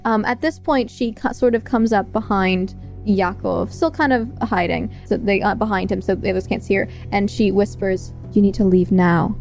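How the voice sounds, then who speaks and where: A woman's voice: medium pitch, moderate pace, a little mellow, soft background music. A woman playing a tabletop role-playing game, describing her actions in a hesitant way with many fillers. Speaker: player. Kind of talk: casual tabletop play.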